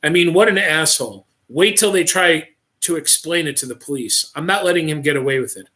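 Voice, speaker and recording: A man's voice: fairly high pitch, fairly quick, sharp tone. A man reading aloud, voicing a spirited, outspoken teenage girl with a blunt, indignant way of talking.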